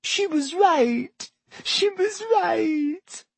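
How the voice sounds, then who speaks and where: A man's voice: very high-pitched, lively intonation, extremely slow, vocal fry, no room sound, pitched above the performer's own voice, heavily acted. A man voicing a melodramatic teenage schoolgirl who wails and sobs over her loss in a storybook reading. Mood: tragic. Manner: wailing, sobbing, tragic.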